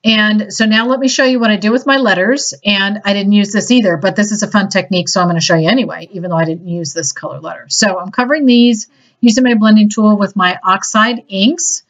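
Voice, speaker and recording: A woman's voice: medium pitch, a little fast. A woman chatting enthusiastically through a casual craft tutorial, a little self-deprecating. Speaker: crafting demonstrator. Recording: slightly dull lo-fi audio.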